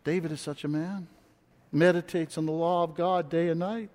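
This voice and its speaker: A man preaching a sermon, reading scripture and speaking with passion that builds to near shouts. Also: fairly high pitch, steady tone, moderate pace. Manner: impassioned, rising to shouts when quoting. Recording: long hall reverb.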